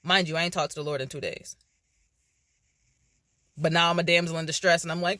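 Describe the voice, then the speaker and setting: Bright, lively woman telling a story. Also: on the low side, fairly quick, long pauses, no echo. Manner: animated, acts out her own reactions. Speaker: faith vlogger. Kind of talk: casual personal storytelling.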